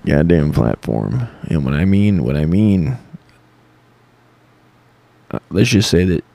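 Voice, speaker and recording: A man's voice: sits low, big pitch swings, slow, vocal fry, warm tone. A man hosting a podcast, rambling sarcastically and swearing constantly. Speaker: podcast host. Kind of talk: casual profane monologue.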